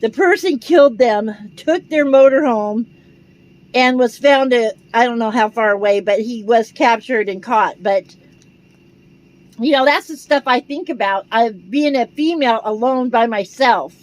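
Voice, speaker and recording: An older American woman, a vlogger, telling a rambling, animated story in a casual way. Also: on the high side, measured pace, dry recording, low-quality recording. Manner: rambling, animated, retells dialogue.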